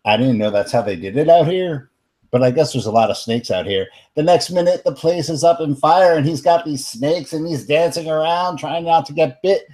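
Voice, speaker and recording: A man's voice: a little high, animated, normal speed, darkish tone. A young man with a New York accent playing his character in a tabletop game, brash and swearing. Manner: brash, swearing, streetwise talk. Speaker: player. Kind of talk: in-character tabletop role-play.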